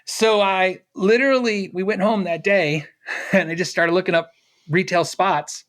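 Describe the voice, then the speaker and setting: A middle-aged man being interviewed, telling a personal story in a lively way, acting out the dialogue and laughing often. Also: sits high, measured pace. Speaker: interview guest.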